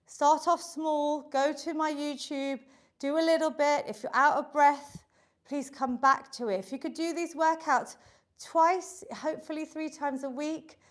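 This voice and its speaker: A woman fitness instructor leading a live online workout class, encouraging and counting reps aloud, slightly out of breath. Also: high-pitched.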